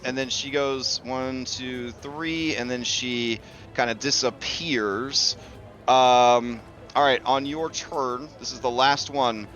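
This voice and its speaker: A man's voice: medium pitch, steady tone, takes it slowly, a bit bright, faint music behind. A man running a tabletop game as game master, talking loosely and chattily with many fillers and the odd curse.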